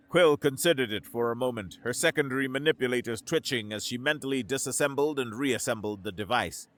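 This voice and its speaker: A man narrating a sci-fi story in a steady, even scripted delivery. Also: medium pitch, brisk, hardly any pauses.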